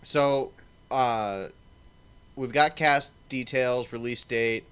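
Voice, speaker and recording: A man's voice: mid-range voice, slow, a bit bright, clean tone. A man hosting a casual livestream panel, swearing and rambling with lots of fillers. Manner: profane, rambling, filler-heavy. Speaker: stream host.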